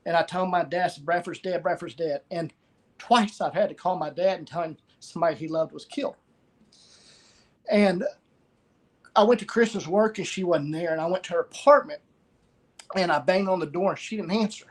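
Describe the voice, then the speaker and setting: A middle-aged man with a somewhat high voice tells a personal story as an interview guest. He speaks haltingly and often repeats words and short phrases as he goes.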